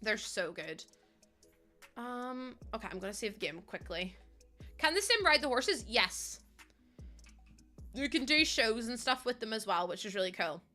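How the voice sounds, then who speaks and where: A woman's voice: fairly high pitch, big pitch swings, unhurried, long pauses, sharp tone, soft background music. A woman in her late twenties, chatting casually and rambling while she streams a game, laughing often. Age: late 20s.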